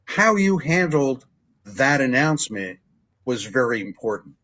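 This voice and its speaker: A man's voice: mid-range voice, unhurried. An older man, a wrestling ring announcer, telling stories as an interview guest and acting out remembered dialogue. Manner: animated storyteller who acts out remembered dialogue. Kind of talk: casual interview storytelling.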